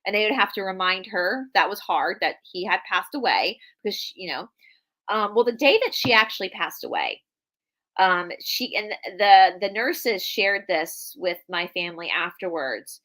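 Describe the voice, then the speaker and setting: A woman's voice: mid-range voice, sing-song, moderate pace, a bit bright. A young woman co-hosting a live video call, telling a personal family story in an earnest, chatty way, with frequent restarts. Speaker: podcast co-host. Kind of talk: casual live-stream chat.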